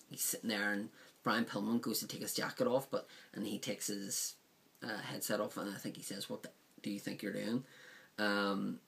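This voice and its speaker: A man's voice: fairly low pitch, vocal fry, a bit bright. A man casually reviewing a DVD set, rambling with frequent ums and likes.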